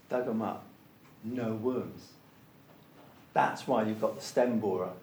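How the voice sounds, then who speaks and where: A man's voice: lowish voice, slow pace, long pauses, darkish tone, echoey room, slight background noise. A man telling stories emphatically in a conversation, repeating key points for stress. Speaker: interviewee, organic soil product promoter. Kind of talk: anecdotal storytelling in conversation.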